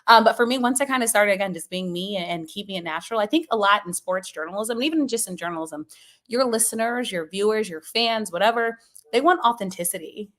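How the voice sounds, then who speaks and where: A quick-talking woman from Maryland speaks as a guest in a casual interview. She is a sports journalist with a lively, chatty manner, often laughing and leaning on "you know". Her voice sits at a middle pitch. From Maryland, USA.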